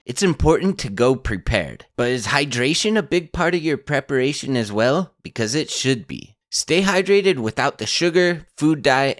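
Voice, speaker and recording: A man's voice: medium pitch, a bit bright, no echo, clean studio sound. A man co-hosting a podcast, chatting easily and reading sponsor spots in his own words. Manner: easygoing, chatty. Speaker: podcast co-host. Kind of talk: casual chat and host-read ad.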